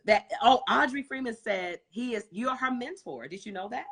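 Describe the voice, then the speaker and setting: A woman's voice: fairly high pitch, moderate pace, a bit bright, breathy edge. A woman hosting a live stream show, gushing and effusive in casual chat.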